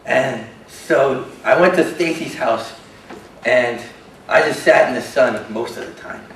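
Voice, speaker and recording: An actor playing a shy, self-doubting young man with a disability, telling his story haltingly and earnestly in a stage monologue. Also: medium pitch, a bit bright, slight background noise. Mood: gentle. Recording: roomy hall from a distance.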